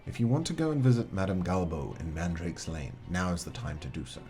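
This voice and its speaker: A man's voice: low voice, sing-song, fairly quick, dark tone, faint music behind. A man playing a solo tabletop adventure book, reading the text aloud and chatting casually with his viewers. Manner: chatty, reads game text aloud, talks to chat. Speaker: game master.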